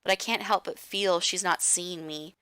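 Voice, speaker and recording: A woman streamer reading a visual novel aloud in a slow, hushed way. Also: lowish voice, steady tone, smooth, dry recording. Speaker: game streamer.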